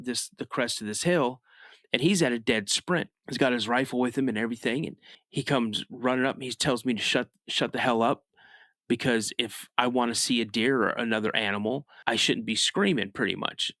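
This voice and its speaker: A man tells a story as a podcast guest, in a relaxed, chatty way and at a middling pitch. He pushes his voice up high and loud to act out moments of panic. The sound is close and dry, with no room echo. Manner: animated storyteller, rises sharply when acting out his younger self shouting; frequent restarts and "you know" asides. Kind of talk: casual first-person storytelling.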